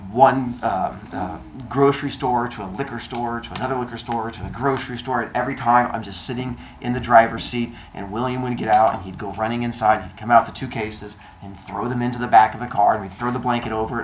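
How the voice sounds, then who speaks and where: A man telling a comedic personal story, animated and acting out the dialogue. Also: medium pitch, slight background noise. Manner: animated, acts out dialogue with quick voice changes.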